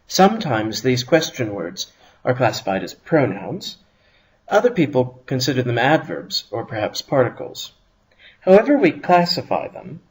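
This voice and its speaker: Lively-voiced man teaching a grammar lesson. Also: medium pitch, low-quality recording. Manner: measured explanatory delivery with stressed phrase openings. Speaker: Hebrew teacher.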